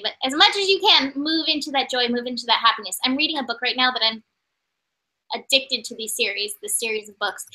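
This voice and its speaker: A woman's voice: sits high, bright, forceful tone, low-quality recording. A woman giving a casual oracle card reading, earnest and reflective, repeating key phrases. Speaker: tarot and oracle reader.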